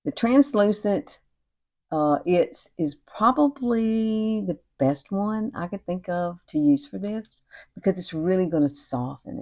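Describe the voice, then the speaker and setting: A woman, chatting warmly and encouragingly through a makeup tutorial at home. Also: mid-range voice. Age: 60s. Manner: chatty and encouraging, often says y'all and girl. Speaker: beauty vlogger. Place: home at night with cicadas outside.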